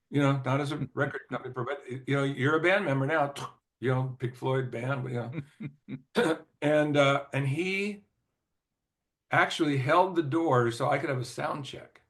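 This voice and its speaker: An older man, a former record executive, telling a rambling anecdote in an interview, with frequent "you know" fillers, restarts, laughs and throat clearing. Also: medium pitch. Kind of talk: anecdotal storytelling in conversation.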